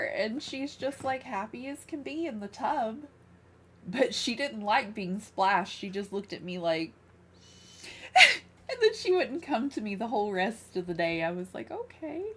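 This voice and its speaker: A woman chatting casually on a live game stream from her room, soft-spoken and giggly, gushing over cute things. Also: fairly high pitch, a little hiss or hum. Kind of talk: casual livestream chat while playing. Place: her own room, small fan running beside her.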